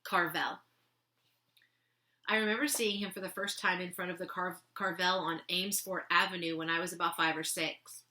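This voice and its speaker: A woman reads a children's novel aloud in a bright, clear voice that sits a little low. She talks to her listeners casually between passages, then settles back into the story. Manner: casual, chatty asides between readings. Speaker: teacher reading aloud.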